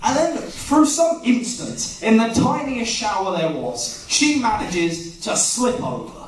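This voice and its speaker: A man's voice: high-pitched, takes it slowly, slight background noise. A young man doing a stand-up set, telling a self-deprecating story and acting out the voices in it. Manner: animated storytelling, self-deprecating, acts out quotes. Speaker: stand-up comedian. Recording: echoey venue recorded from far off. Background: audience laughter.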